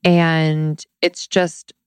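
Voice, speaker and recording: A woman hosting a podcast interview in a casual, affirming way, quick to agree. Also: sits low, level tone, smooth, dry recording. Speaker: podcast host.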